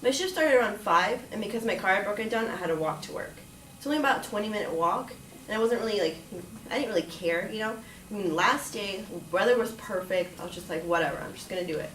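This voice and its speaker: A woman's voice: medium pitch, animated, fast talker, fairly bright tone. A young woman telling a true personal story in a casual, chatty way, full of "like", acting out what people said. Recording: echoey room from far off, faint noise.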